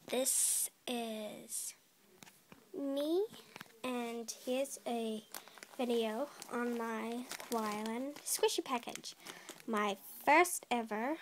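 A woman's voice: on the high side, drawn-out words, slight background noise. A teenage girl unboxing a package, giddy, exclaiming and laughing again and again. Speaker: vlogger. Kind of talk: unboxing video. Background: plastic crinkling.

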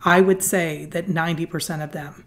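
Interview guest, woman, lower-pitched, earnest animated storyteller. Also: normal speed. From Southern California. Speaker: guest, foundation founder.

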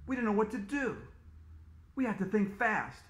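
A playful man reads his own story aloud to children, teasing his listeners between chapters. His voice sits high and swings lively up and down. The sound carries the echo of a roomy space. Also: moderate pace. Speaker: author reading his book to children. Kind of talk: storytelling read-aloud for kids.

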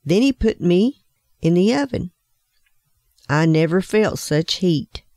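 A woman voicing a talking teacup that was once clay, telling its story slowly. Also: lowish voice, animated, mellow, no echo, clean studio sound. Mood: recounting.

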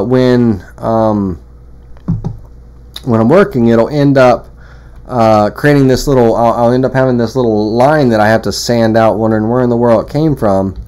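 A man walking through a woodworking software tutorial in a casual, rambling way, full of fillers and restarts. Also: medium pitch, clear, resonant tone. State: has the hiccups. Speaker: CNC woodworking instructor. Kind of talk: screen-recorded software tutorial.

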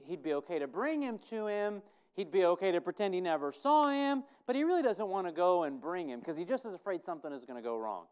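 A man's voice: sits high, big pitch swings, fast talker, hardly any pauses, darkish tone, clear, resonant tone. A man preaching a conversational sermon, putting questions to his congregation and thinking aloud. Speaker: pastor.

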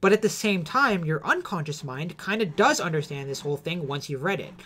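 A man's voice: fairly high pitch, lively intonation, brisk, sharp tone. A man giving an unscripted explanatory lecture, hesitant, with many fillers and self-corrections, and a cough.

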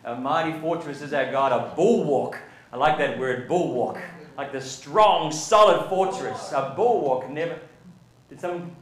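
A male pastor delivers a sermon in a church sanctuary, his voice sitting a little high. He builds to emphatic, rising lines and poses questions for the congregation to answer. The room is echoey around him. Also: unhurried.

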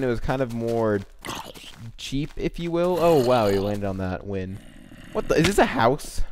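A young man casually commentating his own video game play, rambling and breaking into quick excited exclamations. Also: mid-range voice, a little hiss or hum.

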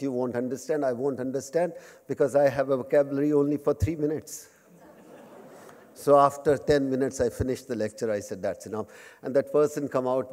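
A man in his fifties with an Indian accent, giving a humorous lecture in simple English mixed with Hindi and joking about himself. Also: medium pitch. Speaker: guest speaker at a memorial lecture. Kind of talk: humorous speech to a live audience. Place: large lecture hall. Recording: long hall reverb.

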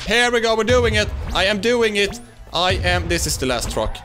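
A young man giving excitable let's-play commentary, laughing and shouting at wins and fails. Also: sits high, normal speed, over music. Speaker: gaming YouTuber.

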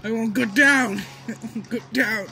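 A man giving excited gameplay commentary, yelling, laughing and pleading with his opponents as he plays. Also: extremely high pitch, unhurried. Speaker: gaming video creator.

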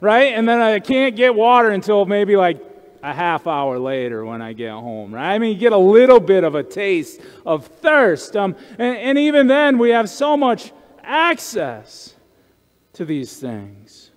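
A man's voice: sits high, expressive, unhurried. A male pastor preaching a conversational sermon, often checking in with the congregation with asides. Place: church sanctuary. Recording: church sanctuary with long reverb.

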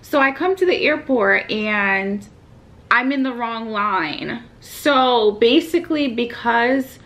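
Fairly high and bright, with lively intonation, a young woman's voice fills a hotel-room vlog as she chats with family on a phone video call. She tells them a story in a talkative way, slipping in quick laughs.

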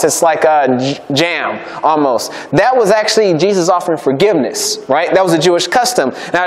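High-voiced man preaching in a reverberant hall. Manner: chatty, keeps checking in with "right?". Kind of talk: casual conversational sermon. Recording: long reverb of a large hall.

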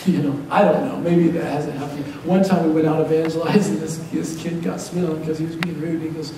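A man preaching a sermon as pastor, lively and joking as he urges the congregation on. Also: on the high side, a little fast, few pauses, crowd noise. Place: church sanctuary. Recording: echoey hall from far off, faint hiss.

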